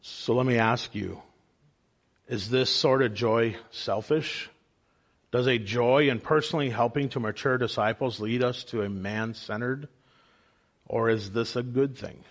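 Speaking a little slowly at a medium pitch, this father of a young child leads a church Bible study. He teaches earnestly and puts questions to the class.

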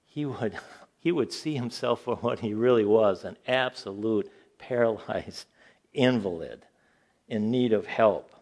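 An older man giving an informal sermon to a Bible class, telling stories animatedly, rising in pitch when incredulous and dropping low and quiet for asides. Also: a little slow.

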